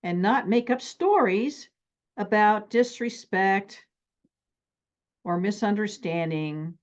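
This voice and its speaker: A middle-aged woman therapist teaching relationship skills and acting out stories from her life in an animated, extroverted way. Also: medium pitch, slow pace, lo-fi sound. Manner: animated, extroverted, acts out anecdotes.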